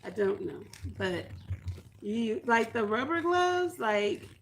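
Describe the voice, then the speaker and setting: A chatty woman talking to her livestream audience with a gravelly, fry-edged voice. She rambles, thinks aloud with plenty of fillers, and pokes fun at herself. A faint hum of ambient noise sits underneath. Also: a little high, big pitch swings, slow pace. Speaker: homesteading vlogger. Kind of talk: casual livestream chat reading comments.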